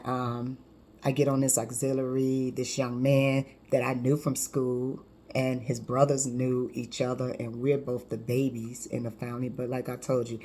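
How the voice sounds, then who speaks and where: Animated woman telling her life story. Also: a bass voice. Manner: animated, conversational with frequent restarts. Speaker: life coach. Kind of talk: personal testimony storytelling.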